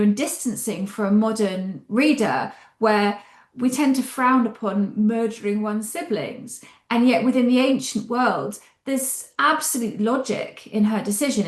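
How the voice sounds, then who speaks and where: A woman novelist answering interview questions about her writing, speaking in an animated, expressive way and thinking aloud as she goes. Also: fairly high pitch. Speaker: novelist discussing her book. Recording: roomy echo.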